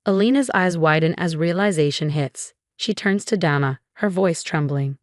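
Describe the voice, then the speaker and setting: A woman narrating a scripted first-person story in an even, measured way. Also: on the low side, dry recording, clean studio sound.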